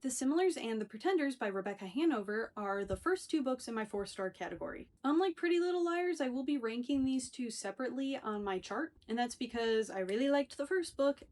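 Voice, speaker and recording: A woman's voice: a little high, animated, brisk, hardly any pauses, a little mellow. A young woman casually reviewing books in a chatty, wry, loosely unscripted way. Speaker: book reviewer. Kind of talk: casual book review vlog.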